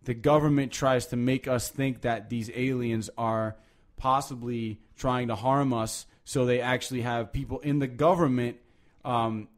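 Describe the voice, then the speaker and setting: A man hosting a podcast, talking casually and at length, with many restarts, lively emphasis and frequent swearing. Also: mid-range voice. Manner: rambling, animated, swears freely, many restarts. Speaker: podcast host.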